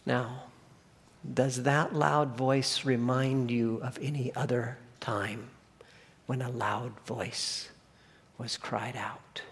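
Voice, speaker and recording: Slow preaching man in a reverberant hall. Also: fairly even intonation, husky. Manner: dramatic swings from booming emphasis to hushed near-whispers; preaches in repeated emphatic phrases. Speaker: pastor. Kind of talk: sermon. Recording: long reverb of a large hall.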